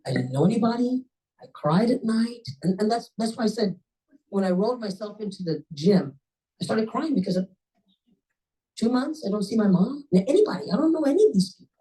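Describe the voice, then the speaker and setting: A woman at a club meeting telling a personal story in a lively, conversational way, often jumping up in pitch for emphasis. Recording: voice a bit distant from the mic.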